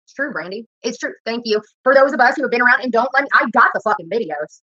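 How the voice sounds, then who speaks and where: Woman, vlogger, quick, bright, profane rant while cooking, lo-fi, dry room. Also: fairly high pitch, expressive, no echo. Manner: profane, confrontational, rambling. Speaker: YouTuber. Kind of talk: ranting while cooking on a livestream. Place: home kitchen. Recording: dull lo-fi sound, dry.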